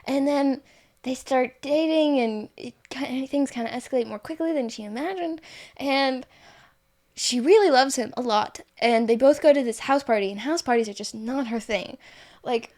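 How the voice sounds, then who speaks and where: A woman's voice: high-pitched, normal speed, darkish tone. Rambling young woman telling a story. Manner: rambling, many fillers and self-corrections. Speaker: guest author. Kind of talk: casual storytelling.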